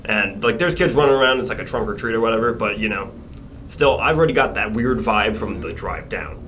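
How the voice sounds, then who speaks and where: A man in a band telling a story on a casual podcast, animated and swearing freely, laughing as he goes. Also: fairly low pitch, fairly quick, a little hiss or hum. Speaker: band member guest.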